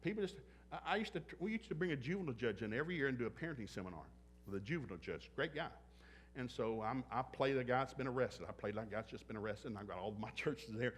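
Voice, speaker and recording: A pastor preaches at a church service in a medium-pitched voice, talking fast with lively intonation over a faint hiss or hum. Blunt and joking, he fills his sermon with anecdotes, acting out little scenes and dialogue in other voices.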